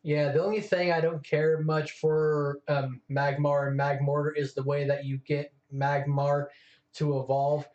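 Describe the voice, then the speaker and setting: A man's voice: a little high, level tone, measured pace, a little mellow. A man co-hosting a casual chat, talking eagerly and freely. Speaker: co-host. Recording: echoey room, dull lo-fi sound.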